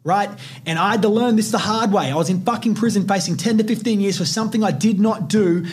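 A young man tells his own story on a podcast in a husky, slightly high voice. He talks bluntly and swears constantly, with plenty of intensity. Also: quick pace, darkish tone. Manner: blunt, heavily profane, intense. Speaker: podcast host.

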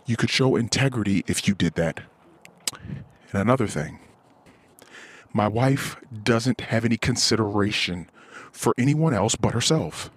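Husky-voiced man venting bluntly. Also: medium pitch, dry recording. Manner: blunt, profane, frustrated venting. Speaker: podcast host. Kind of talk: casual monologue.

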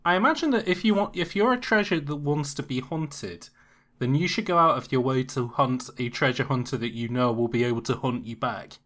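A man's voice: medium pitch, brisk, fairly bright tone. A man riffing in a casual brainstorming chat, rambling and playful with lots of restarts and asides.

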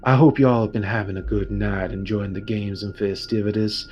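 A man voicing a middle-aged male town priest who addresses a crowd in a slow, measured preacher's manner. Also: fairly low pitch, steady tone, a little mellow, a little hiss or hum, close to an everyday voice. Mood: welcoming.

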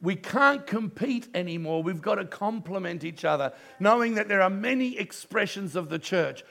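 A middle-aged man, preaching a sermon in church and telling a story with passion, dropping to a hush and then rising loud. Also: sits high, expressive, moderate pace, vocal fry. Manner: impassioned storytelling preacher, swings from hushed to loud. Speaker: pastor.

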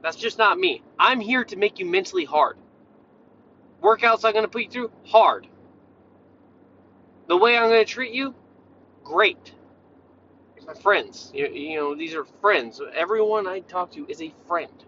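Male fitness coach, high bright voice, blunt profane rant, slightly muffled lo-fi sound. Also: lively intonation, measured pace, long pauses, a little hiss or hum. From Tennessee, USA. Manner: blunt, swears a lot, jumps around.

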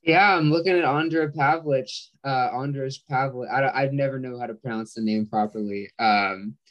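A man guest explaining stats in a measured, casual way, often restarting his sentences. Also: mid-range voice, highs cut off.

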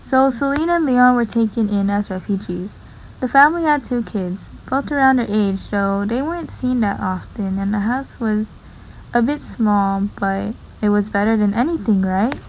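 A woman narrating a story in a plain, steady amateur reading. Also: mid-range voice, moderate pace, slight background noise, poor audio.

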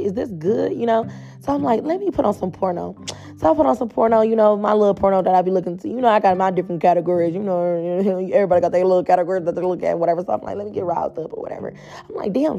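A woman's voice: mid-range voice, gravelly, warm tone, highs cut off. A woman telling a blunt, profane storytime straight to her viewers in a casual, chatty way.

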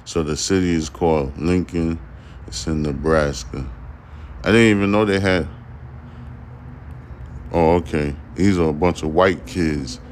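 A man's voice: low-pitched, a little slow, long pauses, a little hiss or hum. A young man hosting his own podcast, reading news stories and riffing on them in a loose, profane, rambling way with many fillers. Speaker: podcast host. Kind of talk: casual solo podcast news commentary.

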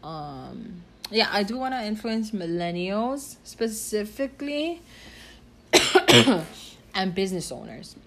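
A woman's voice: medium pitch, sing-song, slow, long pauses, fairly bright tone, slight background noise. A young woman hosting her own podcast, talking candidly and casually, full of fillers, restarts and swearing. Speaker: podcast host. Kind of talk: casual personal podcast talk.

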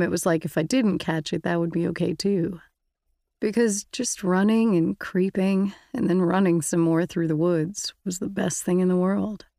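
An earnest, steady teenage boy in a storybook reading, as a woman narrator speaks him. His lines come in a low, gravelly voice with a reassuring manner. The sound is close and dry. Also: no room sound.

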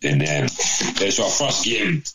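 A man's voice: low-pitched, sing-song, measured pace, fairly bright tone, poor audio. A Scottish man telling football stories in casual chat, swearing freely and acting out the people in his tales. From Scotland. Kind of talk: casual anecdote in a podcast chat.

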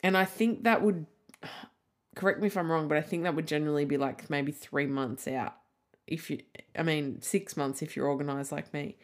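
This woman in her thirties has a low voice with fairly even intonation and talks at normal speed. She hosts a solo podcast, rambling candidly in casual chat, saying "like" a lot and swearing now and then.

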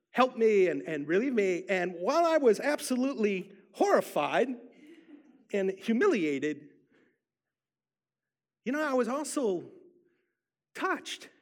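Male preacher, high-pitched and animated, emphatic storytelling sermon. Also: normal speed. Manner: emphatic storyteller, repeats for effect. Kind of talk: sermon with personal testimony.

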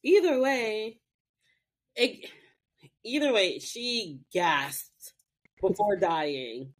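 Animated, profane woman recapping TV. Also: medium pitch, extremely slow. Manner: animated, profane, acts out characters. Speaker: podcast co-host. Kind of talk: casual chat recapping a TV episode.

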